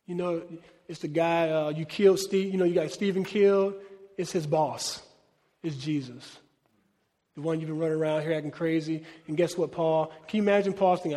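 A man's voice: a little high, normal speed, dark tone, big-room sound. A middle-aged man preaching a sermon to his church, animatedly acting out biblical dialogue. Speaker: pastor.

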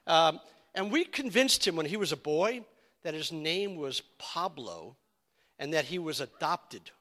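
A male pastor preaching a sermon, animated and stumbling over repeated words. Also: on the high side, a little slow.

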